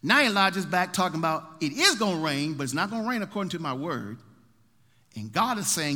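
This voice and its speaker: A man's voice: on the high side, big pitch swings, a little fast, pushed and bright. A man preaching a sermon, retelling a story in a dramatic, folksy way. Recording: long hall reverb.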